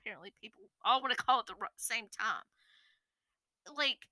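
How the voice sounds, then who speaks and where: Bright, blunt woman ranting. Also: a little high, animated, fairly quick, dry recording, rough recording. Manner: blunt, profane, exasperated ranting. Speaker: streamer and influencer. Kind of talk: ranting vlog monologue.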